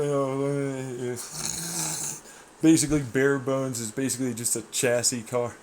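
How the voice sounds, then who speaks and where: A man's voice: medium pitch, slow pace, slight background noise. A young man animatedly telling racing stories in casual chat, swearing and laughing often. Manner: animated, swearing, laughing often, quoting people in mock voices. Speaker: racer.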